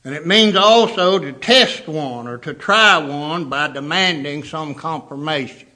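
A man's voice: a little high, measured pace, pushed and bright. A man preaching a sermon, emphatic, repeating words for stress.

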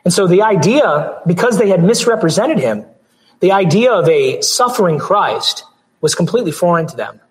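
Hoarse preaching man, voice giving out. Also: sits high, very animated, normal speed, rough recording. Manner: earnest preaching with frequent restarts and throat clearing. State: voice going out, hoarse. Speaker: pastor. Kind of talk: sermon.

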